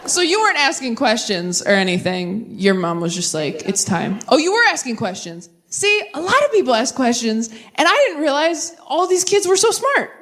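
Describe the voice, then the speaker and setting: A woman in her thirties performing a stand-up set, riffing quickly and mocking herself as she works the crowd. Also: high-pitched, sing-song, a bit bright. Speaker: stand-up comedian. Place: large comedy venue with a live audience. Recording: live stage recording with audience noise.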